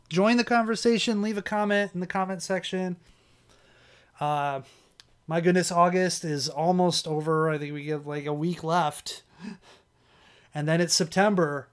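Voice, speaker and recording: A man with a slightly high, strained voice hosts a casual livestream. He rambles, restarts his sentences and chuckles often as he chats. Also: smooth. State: strained, worn voice. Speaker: livestream host. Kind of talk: casual chat.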